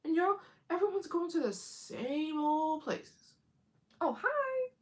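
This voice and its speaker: Her voice is very high-pitched and very animated, though she speaks slowly, as she hosts a casual travel live stream. She chats to viewers directly, giggles frequently, and mimics other people's lines in put-on voices.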